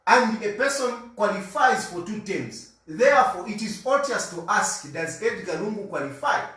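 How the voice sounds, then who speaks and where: A man's voice: high voice, expressive, moderate pace, pushed and bright, distant mic. A Zambian man giving an insistent political monologue, repeating his points over and over for emphasis. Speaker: political commentator. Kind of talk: argumentative monologue. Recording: echoey room, voice off-mic.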